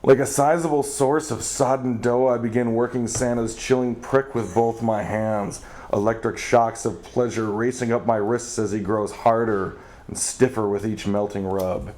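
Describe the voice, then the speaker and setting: A man and podcast host giving an overwrought, theatrical comedic story reading, swinging from hushed to frantic and sometimes breaking into laughter. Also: mid-range voice, fairly even intonation, moderate pace. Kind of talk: melodramatic comedic first-person story reading.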